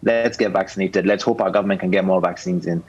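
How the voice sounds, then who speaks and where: A man with a low, husky voice speaks as a doctor guest on a news show. He sums up in a measured, calm way. His audio comes through a dull, lo-fi remote feed. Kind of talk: panel discussion on a news show.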